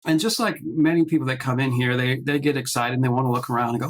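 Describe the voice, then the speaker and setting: A man with a gravelly, fry-edged voice at a middle pitch, talking over a video call. He tells his stories in halting bursts, full of fillers and restarts, and slips into the voices of the people he quotes. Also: fairly even intonation, poor audio. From based in Nashville. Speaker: guest artist. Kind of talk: casual interview storytelling.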